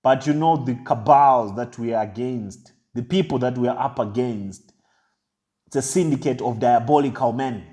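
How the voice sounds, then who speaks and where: A man giving an impassioned, deliberate commentary monologue. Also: mid-range voice, mellow. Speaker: online commentator.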